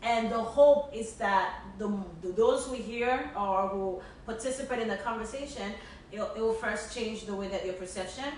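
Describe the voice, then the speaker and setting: A woman's voice: fairly high pitch, moderate pace, darkish tone. A woman co-hosting a casual podcast, speaking earnestly and with emphasis and often restarting her words. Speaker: podcast co-host. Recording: echoey room, distant mic, faint hiss.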